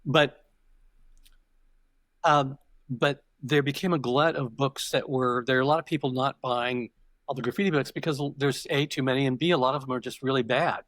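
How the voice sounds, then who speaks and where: Telling stories in an interview, the older guest wanders reflectively and keeps restarting his sentences. He speaks at normal speed in a steady, mid-range, slightly bright voice, recorded dry.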